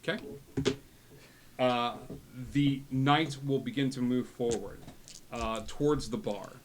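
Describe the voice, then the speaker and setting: A man running a tabletop game as game master, speaking in a relaxed way with many fillers. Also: mid-range voice, slow, background noise. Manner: relaxed, frequent filler words.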